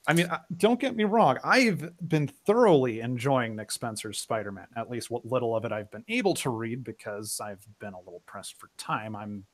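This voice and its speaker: A young male guest joins a casual stream chat. His voice swings up and down in an animated way, and he jokes and laughs easily. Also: mid-range voice, moderate pace, few pauses. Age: young adult.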